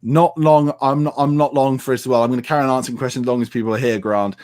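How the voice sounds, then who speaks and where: A man's voice: medium pitch, steady tone, very fast, a little mellow. A man from the United Kingdom chatting casually on a live stream and answering viewers' comments with plenty of fillers.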